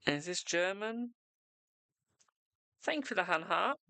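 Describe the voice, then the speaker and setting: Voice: medium pitch, expressive, a little slow, creaky, bright, forceful tone, dry recording. A tarot reader hosting a casual live stream, chatty and self-mocking, swearing freely.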